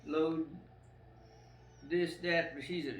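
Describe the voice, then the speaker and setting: A man's voice: on the high side, steady tone, slow pace, a little hiss or hum. An older man rambling through a personal story at home, full of fillers and swearing. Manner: rambling, profane, with many fillers. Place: a room at home. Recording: roomy echo, faint ambience.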